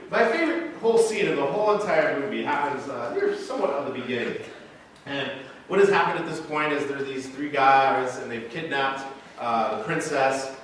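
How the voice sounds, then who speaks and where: A man's voice: mid-range voice, far from the mic. A Midwestern American man in his thirties preaching from the pulpit, a pastor who tells stories with energy and acts out the lines. His voice carries through a very echoey church sanctuary, picked up from a few steps back, with faint room noise underneath. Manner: animated storytelling, acting out movie quotes. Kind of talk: sermon.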